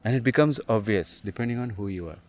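Blunt, animated male spiritual teacher. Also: on the low side, fast. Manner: animated and blunt, laughs often, calls the listener man and dude. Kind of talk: casual spiritual talk.

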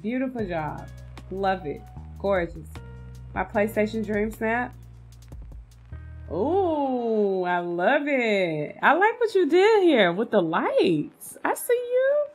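A woman's voice: on the high side, sing-song, slow pace, breathy edge, faint music behind. A woman giving casual, gushing commentary on a video game, chatting to her viewers and calling them "y'all". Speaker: game content creator.

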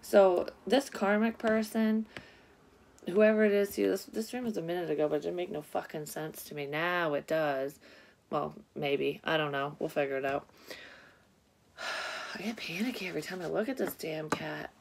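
A woman's voice: fairly low pitch, normal speed, vocal fry, slight background noise. A woman giving a casual psychic reading to her viewers, blunt and rambling, swearing freely. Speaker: psychic reader. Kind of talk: casual tarot-style reading.

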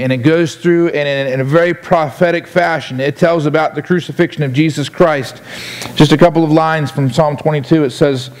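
A man's voice: on the high side, fairly even intonation, a little fast, darkish tone. Earnest male pastor preaching a sermon. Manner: earnest, with frequent repeated words and restarts. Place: church sanctuary.

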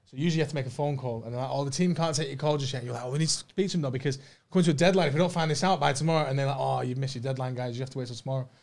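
A man recounts his time on a reality show in loose podcast chat. He talks very fast and swears often, and his voice sits at an ordinary middle pitch. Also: gravelly. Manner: fast, animated storytelling with lots of swearing. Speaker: podcast guest, former reality TV contestant.

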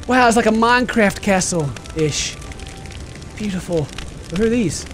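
A male gaming host riffs through a game with a high, bouncy voice that swings widely in pitch. He jokes constantly and yells at the characters on screen, while loud game music plays underneath. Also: takes it slowly. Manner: shouts at game characters, jokey and animated. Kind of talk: comedic gameplay commentary.

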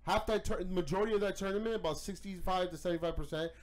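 A man on a podcast mic, his voice sitting a little high, venting in a heated, profane rant. He stumbles over his words and restarts, then pushes on even harder. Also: fast talker. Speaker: podcast co-host.

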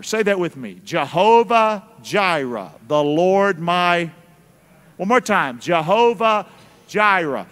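A man's voice: a little high, a bit bright, smooth. A male pastor preaching a sermon with call-and-response, folksy and teasing with his congregation. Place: church sanctuary. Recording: church hall reverb.

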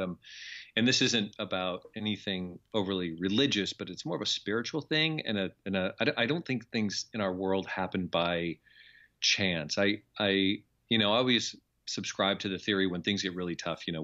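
A man's voice: low-pitched, bright, forceful tone, highs cut off. A middle-aged man from Iowa, a guest sharing his story in an earnest, reflective way in a casual interview. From Iowa, USA. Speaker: guest, television journalist.

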